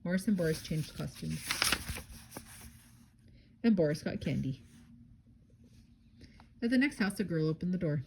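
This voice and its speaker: A woman's voice: lowish voice, expressive, unhurried, gravelly, pauses often, warm tone, a little hiss or hum. A mother reading a children's picture book aloud expressively, dropping in chatty asides of her own.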